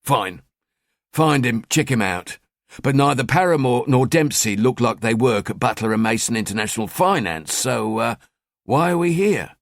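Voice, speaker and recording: A man's voice: animated, normal speed, vocal fry, no room sound, clean studio sound. A man voicing a brooding, terse male detective inspector in an audiobook. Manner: terse, low-key.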